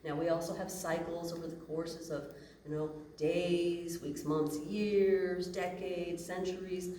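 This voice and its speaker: A woman's voice: fairly low pitch, level tone, unhurried, dark tone, slight background noise. A woman giving a casual, playful talk to an audience as a human design teacher. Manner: casual and playful, acts out imagined inner voices. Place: room with an audience. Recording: echoey room from a distant mic.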